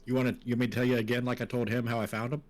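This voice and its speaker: A man's voice: mid-range voice, flat delivery, racing. Man, tabletop player, playful, sarcastic banter. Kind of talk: casual tabletop play.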